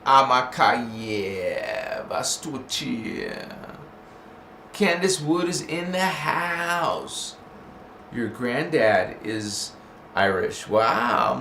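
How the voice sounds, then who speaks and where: A man's voice: medium pitch, lively intonation, very slow, bright, forceful tone. A man hosting a casual livestream chat, talking loosely with the audience, laughing often and slipping into chanted made-up words. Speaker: livestream host. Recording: roomy, with faint background hiss.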